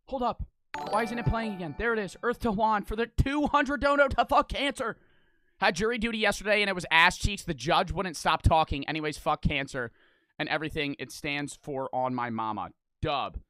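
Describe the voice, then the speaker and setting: A young man streaming live, reacting to videos and reading out donations in a loud, blunt, heavily profane way, often breaking into awkward laughter. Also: sits high, moderate pace, no room sound, clean studio sound.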